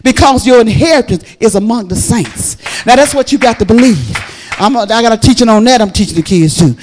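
Woman preacher going hard, shouting praise then dropping to quiet storytelling. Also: on the high side, expressive, brisk, slight background noise. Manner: fervent, loud exclamations and praise interjections; drops to quiet, intimate storytelling. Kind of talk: sermon.

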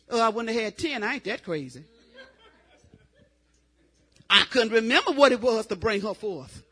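An older woman preaching a revival sermon in a folksy, testifying way that rises to loud, fervent exclamations. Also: fairly high pitch, animated, brisk.

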